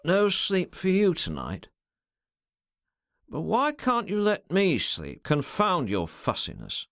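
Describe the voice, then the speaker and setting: A man voicing a languid, self-possessed gentleman who murmurs in a tolerant, unhurried way. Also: high-pitched, huge pitch swings, creaky, no echo, studio quality, voice pushed up, exaggerated voice. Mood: irritated. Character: languid, cool gentleman master, quietly menacing.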